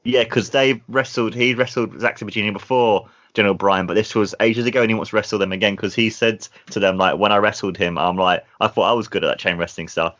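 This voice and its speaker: Low-voiced man, enthusiastic chat. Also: steady tone, fast, hardly any pauses, fairly bright tone. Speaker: podcast co-host. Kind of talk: casual chat. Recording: dull lo-fi sound.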